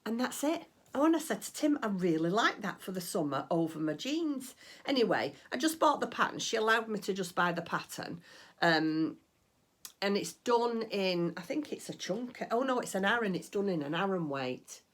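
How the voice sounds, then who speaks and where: A woman's voice: mid-range voice, big pitch swings, normal speed. A middle-aged woman chatting casually about her crafting at home, rambling and gushing with delight. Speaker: crafting vlogger. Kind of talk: casual chat.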